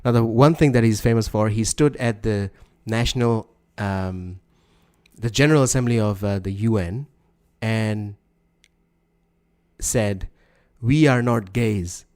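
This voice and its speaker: A man co-hosting a casual podcast chat, rambling and halting with frequent restarts. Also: on the low side, darkish tone, clear, resonant tone. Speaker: podcast co-host.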